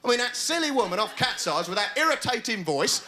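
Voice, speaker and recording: A man's voice: very high-pitched, big pitch swings, a little fast, sharp tone. A man doing a stand-up routine, ranting sarcastically and mocking people in put-on voices, with laughter from a studio audience. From England. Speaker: stand-up comedian. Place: TV studio stage with live audience.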